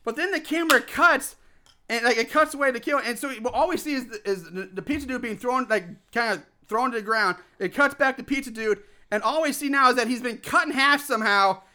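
High, bright-voiced sarcastic man. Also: fairly quick. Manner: profane, sarcastic, laughs often, mocking impressions. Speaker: podcast co-host reviewing a movie. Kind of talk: casual comedic movie recap.

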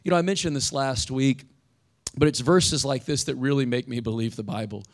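A man's voice: mid-range voice, brisk. Man preaching a conversational sermon. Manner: conversational preaching, reads scripture aloud with rising intensity. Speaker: pastor.

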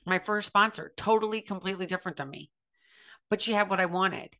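A woman's voice: medium pitch, a little fast, sharp tone. A middle-aged woman from the United States giving an impassioned motivational talk, earnest and emphatic, repeating phrases for stress. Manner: acts out others' voices in quoted speech. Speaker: speaker on recovery and self-acceptance.

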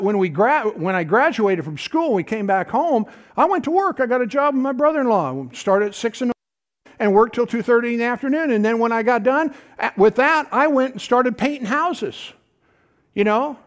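A middle-aged man preaching a sermon in a folksy, animated way, tossing out asides to the congregation. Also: very high voice, moderate pace. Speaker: pastor.

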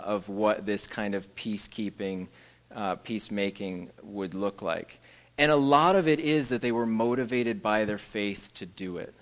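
A man giving a casual, conversational church teaching with jokes and asides. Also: mid-range voice.

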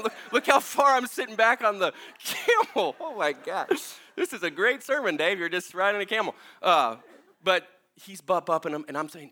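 A man with a high, bright voice delivers a sermon as a relaxed, lively story. He chats, laughs along and often says "like" and "you know". It sounds like a pastor talking easily to his congregation. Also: normal speed. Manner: animated, laughing, casual storytelling with frequent fillers.

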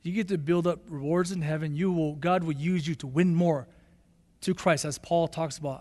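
A man preaching a sermon as pastor, emphatic and repetitive, rising to excited bursts. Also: on the high side, moderate pace, in a large hall.

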